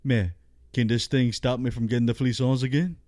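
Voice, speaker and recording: A man doing Boudreaux, a high, excitable Cajun man. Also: fairly quick, dry recording, clean studio sound, lightly acted. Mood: worried.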